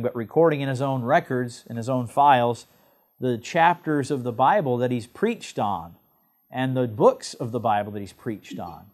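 A man from England preaching a sermon to other pastors, with emphatic stresses and slow, drawn-out phrases. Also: medium pitch, a little mellow.

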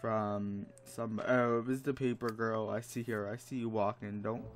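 A man's voice: on the low side, level tone, moderate pace, over music. A man giving casual commentary while playing a life-sim game, exasperated and dramatic, mock-scolding the characters. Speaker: let's play gamer. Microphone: desk microphone.

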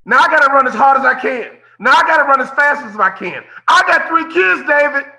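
Fifty-something guy preaching a keynote, really high pitched and sharp, keeps repeating lines. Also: expressive, brisk, vocal fry, low-quality recording. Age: 50s. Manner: preacher-like, repeats phrases, calls out listeners by name. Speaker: motivational keynote speaker. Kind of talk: impassioned motivational keynote. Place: remote keynote on a call.

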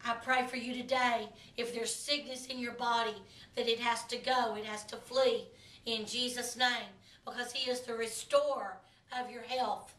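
A woman minister delivering a sermon in a slow, emphatic preaching cadence. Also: a little high, fairly even intonation, fairly bright tone, reverberant, distant mic.

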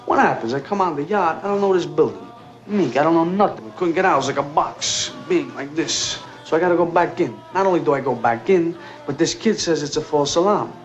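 An actor playing a reckless young male street hustler, rambling fast through excuses in 1970s film dialogue. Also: a little high, lightly acted. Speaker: film character. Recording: dull 1970s film soundtrack with faint music.

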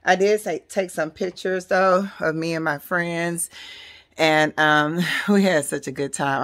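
A chatty woman in her forties with a low voice talks casually to her viewers at home. She keeps calling them y'all and girl as she goes. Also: fairly even intonation, unhurried, fairly bright tone. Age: 40s. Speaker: lifestyle vlogger. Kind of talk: casual chat to camera. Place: at home, decorating a room.

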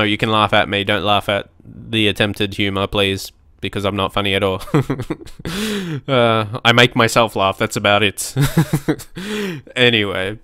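A young man, giving casual, excitable commentary on a football management game and often laughing at himself. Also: mid-range voice, no echo, studio quality. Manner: excitable, quick to shout at match moments, laughs at himself. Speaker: gaming YouTuber.

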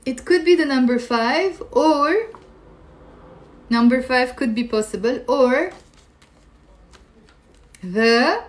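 A woman with a fairly high voice teaches a live-streamed language lesson. She keeps quizzing her viewers and answering their comments in a chatty way. Faint noise sits behind her voice. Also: slow pace. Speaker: Arabic teacher.

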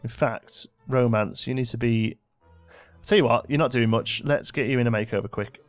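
A man's voice: medium pitch, normal speed, no room sound, soft background music. A young man giving casual gameplay commentary, bossing his in-game characters around with mock exasperation. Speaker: let's play host.

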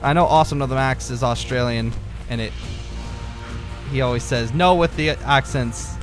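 A man's voice: medium pitch, moderate pace, soft background music. Rambling, easily distracted young man gaming. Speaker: gaming video creator. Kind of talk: casual let's-play commentary.

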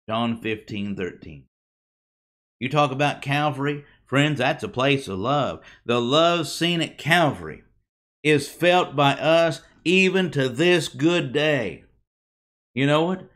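Preaching to a congregation in a mid-range, fairly bright voice, this man is forceful and emphatic. Dramatic pauses and rhetorical questions punctuate his sermon, with lines that fade out as they finish.

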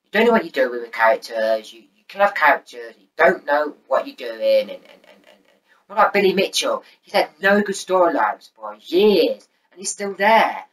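A man's voice: on the high side, sing-song, moderate pace, fairly bright tone, far from the mic, low-quality recording. Man ranting angrily and swearing. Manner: angry, profane, repetitive. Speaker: vlogger. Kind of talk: angry TV rant.

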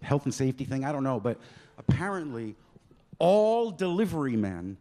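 A man's voice: medium pitch, big pitch swings, moderate pace, dark tone. A man doing stand-up on a comedy club stage, talking loosely and crudely with the crowd.

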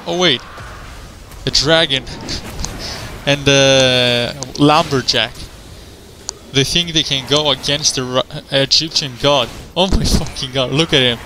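A man giving profane, excitable commentary over his own gameplay, trash-talking opponents and breaking into laughter and yelps. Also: slow pace, noisy background. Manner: frequent laughter and sudden high yelps. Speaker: gamer recording his own match.

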